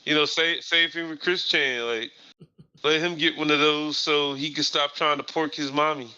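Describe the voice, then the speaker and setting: A man's voice: fairly high pitch, steady tone, normal speed, sharp tone, smooth. A man guesting on a podcast in casual chat over a voice call, talking bluntly and crudely. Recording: muffled lo-fi voice call.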